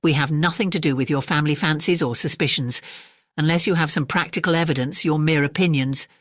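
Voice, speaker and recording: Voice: mid-range voice, brisk, a bit bright, no room sound, studio quality, natural voice. A stern police inspector, read by the narrator. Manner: stern, authoritative.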